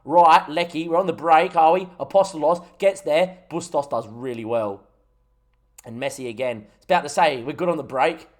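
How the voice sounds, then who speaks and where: Aussie bloke streaming a footy manager game, slightly high voice, commentating live and getting hyped when they score. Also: male voice, normal speed. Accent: Australian. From Australia. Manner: excitable, shouts at goals, talks to chat. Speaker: gaming streamer.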